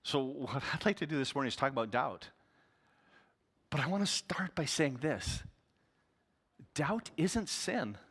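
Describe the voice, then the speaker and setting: A man's voice: fairly high pitch, lively intonation, a little slow, pauses often, a bit bright, slightly rough, in a large hall. A male pastor giving a sermon in an earnest, conversational way.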